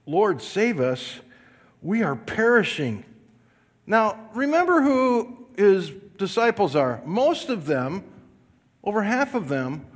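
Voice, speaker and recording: A man with a slightly raised voice preaches in a big hall with long reverb. He takes his time, leaning hard on each phrase and pressing the congregation to answer back. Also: sits high. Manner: slow, emphatic preaching, rising to loud calls for the congregation to repeat. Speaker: pastor. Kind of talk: sermon.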